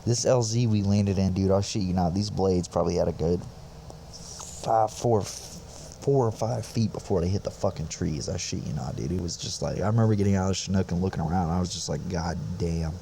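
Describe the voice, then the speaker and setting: A man's voice: sits low, brisk, creaky, dark tone, a little hiss or hum. A young man on a podcast, telling a rambling, profane army story in a laid-back, casual way. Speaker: podcast host, infantry soldier.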